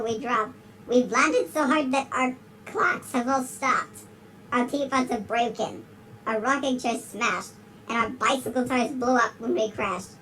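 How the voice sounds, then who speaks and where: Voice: mid-range voice, pushed and bright, slight background noise, rough recording. A performer voicing a giggly big-lipped alligator who gives a dramatic rhyming storybook reading. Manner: reads in rhyme and keeps breaking into giggles.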